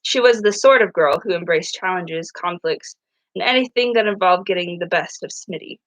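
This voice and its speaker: A woman's voice: lowish voice, normal speed, dry recording, poor audio. A woman reading a novel aloud in a casual way, often stumbling and restarting her words. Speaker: reader.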